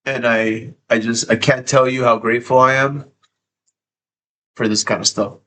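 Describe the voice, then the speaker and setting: A man's voice: medium pitch, fairly even intonation, moderate pace, pushed and bright. A man live streaming from home, tearful and sniffly, talking emotionally and repeating himself, with frequent swearing. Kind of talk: casual live stream chat.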